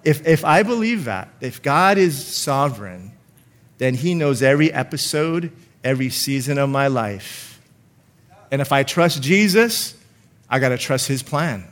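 A man preaching a sermon, slowing down to stress scripture and calling on the congregation to repeat lines after him. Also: mid-range voice, lively intonation. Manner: emphatic, calls for congregation responses, slows to stress scripture.

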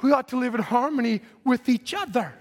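A man preaching a fervent sermon in a church, his impassioned delivery swelling into shouts. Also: very high voice, animated, brisk. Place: church sanctuary.

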